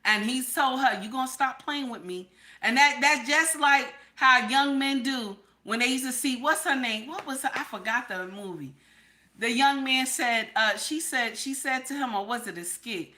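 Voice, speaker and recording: A woman hosts a casual live stream in a fairly high, bright, forward voice. She talks bluntly and with a lot of profanity, circling back to the same points and checking in with "okay?" as she goes. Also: normal speed. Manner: repeats her points over and over. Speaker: livestream host.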